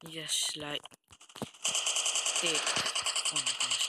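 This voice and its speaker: Slow-talking woman gamer, noisy recording. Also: low-pitched. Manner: exclaiming and complaining at opponents. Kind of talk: casual gameplay commentary. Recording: heavy background noise.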